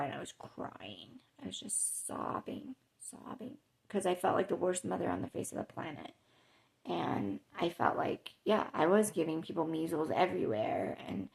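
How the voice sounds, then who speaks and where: Woman vlogger, a bit gravelly, emotional storytelling, lots of ums. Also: lowish voice, a little mellow. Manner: emotional, conversational, many fillers. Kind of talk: personal storytelling.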